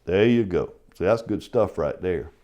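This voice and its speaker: A man's voice: deep voice, lively intonation, normal speed, mellow. A middle-aged man, teaching a casual real estate lecture in a folksy way and saying "y'all" often. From South Carolina.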